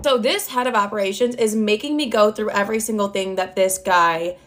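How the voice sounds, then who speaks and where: A woman's voice: mid-range voice, fairly quick, few pauses. A woman telling a personal story in a casual, blunt way, swearing freely and stressing her words.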